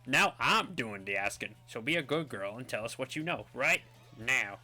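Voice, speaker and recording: A man voicing a blustering villain boss in a video game, loud and gloating. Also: mid-range voice, lively intonation, normal speed.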